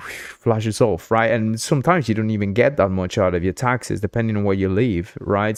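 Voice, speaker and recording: Low-voiced man rambling on a stream. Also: gravelly, dry recording, studio quality. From Uruguay. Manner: rambling, excitable, many fillers. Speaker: livestream host. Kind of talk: casual livestream chat.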